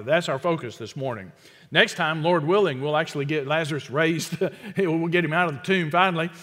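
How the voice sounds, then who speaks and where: Male pastor, sermon delivery, slightly high and crisp, chatty and emphatic, restarts often. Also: fairly bright tone. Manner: conversational, emphatic, with frequent restarts. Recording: long hall reverb.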